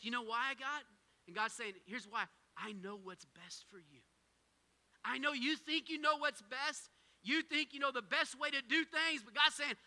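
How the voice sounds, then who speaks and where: Energetic male pastor delivering a sermon, very high, bright voice, reverberant space. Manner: energetic, swings from loud urging to hushed asides.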